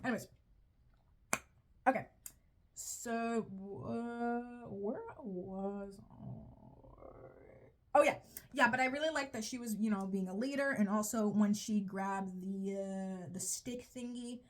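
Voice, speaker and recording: A young woman with a medium-pitched voice takes it slowly in a casual, rambling, profane video commentary reviewing a show. She often stops mid-sentence and laughs at herself.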